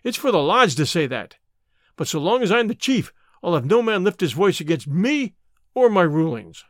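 A man voicing a huge, domineering lodge boss with a booming, bluff manner. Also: very animated, moderate pace, no room sound, studio quality. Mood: commanding.

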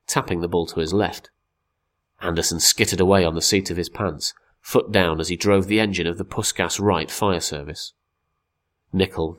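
Deep-voiced man narrating, wry and measured. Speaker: narrator reading a magazine article. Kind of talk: scripted narration.

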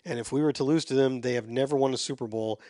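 A man's voice: mid-range voice, fast talker, warm tone, no room sound, clean studio sound. Chatty man hosting a sports podcast. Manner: chatty, self-deprecating, reads emails aloud. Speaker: podcast host reading listener emails. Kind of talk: casual sports chat.

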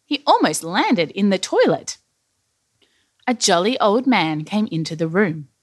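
A woman narrating a children's story aloud in an animated, playful storyteller manner. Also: mid-range voice, measured pace, husky. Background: faint music.

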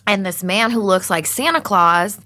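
A woman's voice: mid-range voice, expressive, moderate pace, pushed and bright. A woman co-hosting a casual chat, telling stories in a chatty, profane, self-mocking way. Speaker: podcast co-host.

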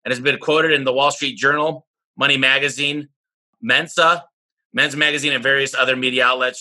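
A man hosting a podcast, giving an energetic, somewhat rambling introduction of his guest. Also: mid-range voice, normal speed, poor audio. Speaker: podcast host. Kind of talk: casual podcast interview.

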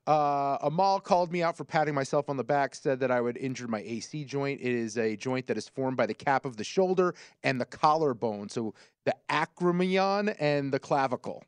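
A man's voice: medium pitch, lively intonation, moderate pace, smooth, no room sound. A man hosting a sports betting show, running through notes and picks in an easygoing way. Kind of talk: casual sports talk.

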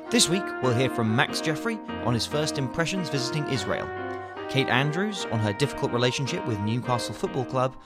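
A man hosting a podcast, reading a scripted introduction in an upbeat announcer manner. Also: mid-range voice. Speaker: podcast host. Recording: voice over loud music. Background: loud music bed.

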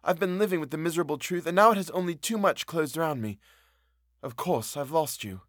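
A man's voice: a little high, fairly quick, no echo, voice pushed up, natural voice. A distraught young governess pleads urgently, as a man reads her lines in a voice near his own. The reading is dry and close, with no room around it. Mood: resigned.

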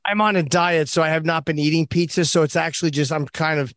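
A man's voice: on the high side, fairly even intonation, quick pace, fairly bright tone, slight background noise. A man co-hosting, chiming in with short, agreeable remarks. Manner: brief, agreeable interjections. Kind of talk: casual chat.

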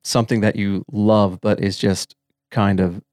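A man's voice: on the low side, flat delivery, measured pace, darkish tone, no room sound. Laid-back guy co-hosting a podcast, rambly with lots of ums, dry video call sound. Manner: easygoing, rambling, many fillers. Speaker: podcast co-host. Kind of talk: casual podcast chat.

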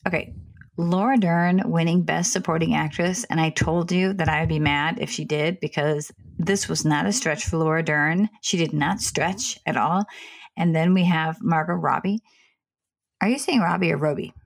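A woman's voice: deep voice, moderate pace, creaky. A woman co-hosting a casual chat, opinionated and apologetic, rambling with restarts and asides. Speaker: podcast co-host.

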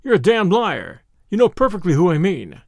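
A man's voice: high-pitched, huge pitch swings, moderate pace, creaky, no room sound, studio quality, exaggerated voice. Man voicing a drawling, cocky young American. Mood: menacing. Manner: drawling, menacing yet cheerful. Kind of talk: audiobook character voice.

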